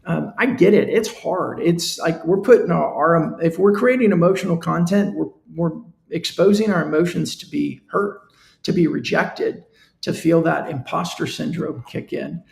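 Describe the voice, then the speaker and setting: A man's voice: a little high, normal speed, creaky, echoey room. A man hosting a live-stream business talk, speaking earnestly and conversationally in a coaching tone. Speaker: show host.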